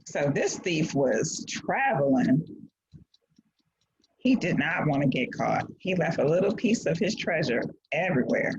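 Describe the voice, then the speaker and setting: A woman with a lowish voice leads an online class, playful and encouraging as she walks students through clues. The sound is dull and lo-fi, like video call audio, with a faint hiss underneath. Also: sing-song, unhurried. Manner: playful, encouraging, laughs often. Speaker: teacher.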